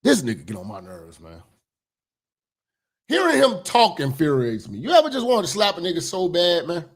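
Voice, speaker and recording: Man, angry rant, profane commentary, pitch swinging up and down, slightly high voice. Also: huge pitch swings, moderate pace, slightly rough. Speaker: commentary host. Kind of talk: ranting commentary.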